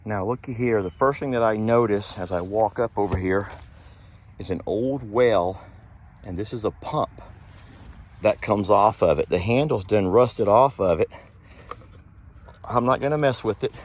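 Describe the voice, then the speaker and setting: A man hosting an outdoor vlog, talking in a slow, heartfelt, folksy way. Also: fairly low pitch. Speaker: channel host. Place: outdoors in wooded cemetery.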